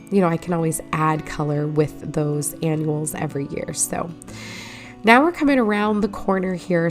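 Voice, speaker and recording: Woman vlogger, low morning voice, easygoing chatty voice-over narration. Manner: chatty, friendly, explains as she goes. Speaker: home makeover vlogger. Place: voice-over recorded while editing.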